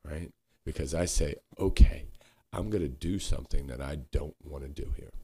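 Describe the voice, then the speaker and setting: A man co-hosting a podcast, talking earnestly and haltingly, searching for words and swearing now and then. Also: a bass voice, dark tone, husky. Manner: frequent swearing. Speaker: podcast co-host. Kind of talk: candid reflective conversation.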